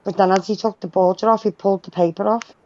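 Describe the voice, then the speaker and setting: A woman's voice: mid-range voice, steady tone, quick pace, warm tone, no room sound. A woman chatting casually on a livestream, rambling through stories and swearing casually. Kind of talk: casual chat. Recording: dull lo-fi sound.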